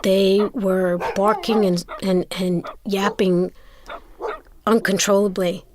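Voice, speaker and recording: A woman telling a personal story as an interview guest, animated and stammering into repeats. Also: medium pitch, slow pace, noisy background. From Brooklyn, New York. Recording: music playing underneath.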